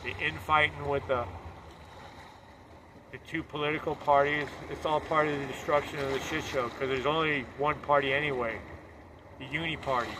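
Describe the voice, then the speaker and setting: A man's voice: a little high, noisy background. A man delivering a fervent, preachy political monologue.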